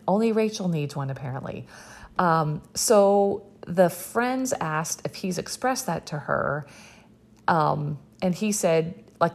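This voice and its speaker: A woman's voice: low-pitched, gravelly. A young woman hosting a podcast, recapping a show in a chatty, sarcastic way with lots of fillers. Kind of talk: casual chat.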